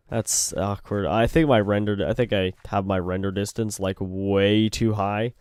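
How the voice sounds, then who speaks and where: Goofy low-voiced Canadian gamer. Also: male voice, unhurried, a little mellow, clean tone, no room sound, clean studio sound. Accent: Canadian English. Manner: rambling, goofy, plays with words. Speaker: gaming video host. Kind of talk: let's-play commentary.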